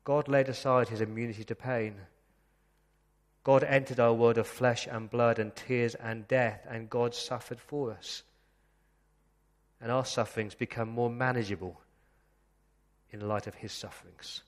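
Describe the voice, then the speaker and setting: A man preaching a sermon as pastor, earnest, slowing down to read scripture passages aloud. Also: mid-range voice, steady tone, long reverb tail. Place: church.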